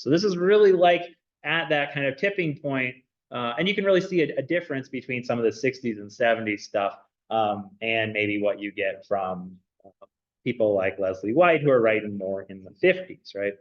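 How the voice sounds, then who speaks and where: A man's voice: on the low side, moderate pace. Casual male lecturer in an echoey classroom. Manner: casual and chatty, many fillers and "right?" checks. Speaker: anthropology lecturer. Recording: dull roomy classroom recording.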